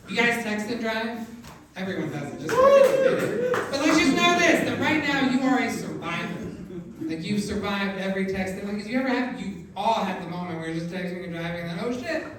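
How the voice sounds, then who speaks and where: A middle-aged male comedian rambles through a stand-up set on a comedy club stage, using lots of fillers and bursting into sudden loud outbursts. His high voice often gets mistaken for a woman's on the phone, and the noisy, echoey club is captured by a distant mic.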